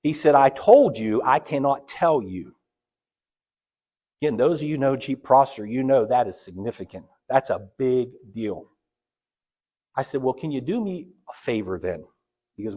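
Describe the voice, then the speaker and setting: A man's voice: a little mellow, slightly rough. A man, a church elder, preaching a sermon and telling a personal story, acting out the dialogue with sudden rises and drops in his voice. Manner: storytelling, acts out quoted dialogue with big swings in pitch and volume. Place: church sanctuary.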